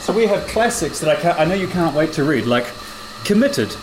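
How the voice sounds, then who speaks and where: A man's voice: fairly high pitch, big pitch swings, a little fast, noisy background. A man co-hosting a podcast in a cafe, joking and teasing in casual chat. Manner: joking, teasing, self-mocking. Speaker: podcast co-host. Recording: busy cafe chatter behind.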